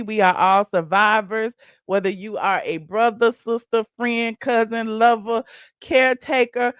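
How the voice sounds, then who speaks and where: A woman's voice: a little high, no room sound, clean studio sound. A woman hosting a casual live stream, chatting and laughing as she reads viewer comments. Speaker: live-stream gossip host.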